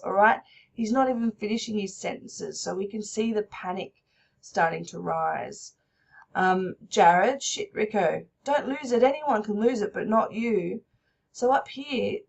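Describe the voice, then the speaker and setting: A woman's voice: medium pitch, vocal fry, a little mellow. A woman teaching a recorded lesson, explaining step by step and checking in with "all right?".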